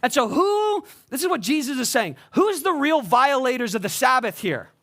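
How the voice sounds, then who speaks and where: A man's voice: very high-pitched, sing-song, moderate pace, a bit bright. A middle-aged male pastor preaching a sermon in an emphatic, conversational way, often checking in with the congregation by asking "right?".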